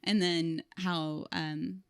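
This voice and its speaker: Giggly woman with a gravelly edge. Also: lowish voice, little pitch movement, very slow, no echo. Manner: giggly, chatty, filler-heavy. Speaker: podcast co-host. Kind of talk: casual chat. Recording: dry close studio sound.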